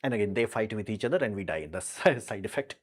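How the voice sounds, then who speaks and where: A man's voice: fairly low pitch, slightly rough. A man hosting a casual live stream, answering viewer questions in a frank, rambling way full of fillers.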